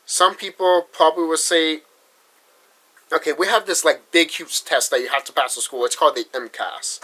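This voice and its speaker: Forceful young man ranting bluntly. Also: a little high, steady tone, poor audio. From Massachusetts. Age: young adult. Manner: blunt, profane, halting with restarts. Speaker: vlogger. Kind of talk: frustrated vlog rant.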